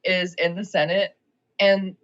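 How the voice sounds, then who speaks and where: A woman guest on a podcast in casual chat, animated and laughing often, acting out quotes in mock voices. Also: lowish voice, measured pace. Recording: dull lo-fi sound.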